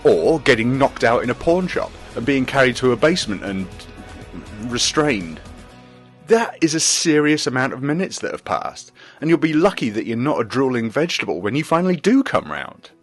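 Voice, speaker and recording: A man's voice: mid-range voice, very animated, normal speed, faint music behind. Sardonic man ranting. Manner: exasperated, sardonic. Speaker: segment presenter. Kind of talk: scripted comic rant.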